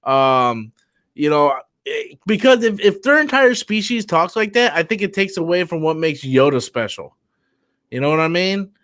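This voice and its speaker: A man chatting casually as co-host of a live stream, animated and swearing freely, with quick restarts. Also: on the high side.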